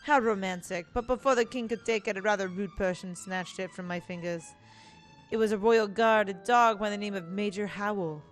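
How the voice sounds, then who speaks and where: A woman's voice: mid-range voice, moderate pace, soft background music, natural voice. A woman voicing a courteous young male prince with flowery speech, reading game dialogue aloud in a stilted put-on accent. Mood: recounting. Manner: stilted attempt at a foreign accent.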